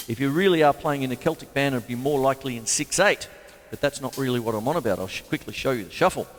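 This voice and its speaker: A man's voice: medium pitch, animated, fast talker, in a large hall, loud music behind the voice. A man hosting a casual livestream drum lesson from his home studio, chatty and rambling, laughing at his own jokes. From Australia. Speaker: drum teacher and show host.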